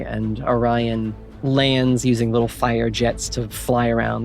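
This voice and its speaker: A game master narrating a tabletop game in unhurried, descriptive narration. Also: mid-range voice, vocal fry, a little mellow.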